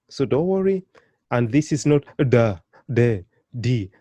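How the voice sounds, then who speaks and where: Slow, dark-voiced male language teacher. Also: medium pitch, lively intonation, no echo. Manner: slow, drilling syllables and encouraging the learner. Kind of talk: beginner pronunciation lesson.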